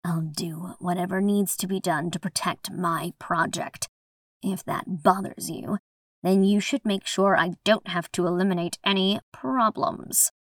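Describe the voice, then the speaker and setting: A woman's voice: medium pitch, quick pace, few pauses, slightly rough, no room sound, studio quality, lightly acted. A woman voicing a cold young man who speaks casually while hiding deadly intent, in an audiobook. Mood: menacing. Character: cold, menacing young man plotting in secret.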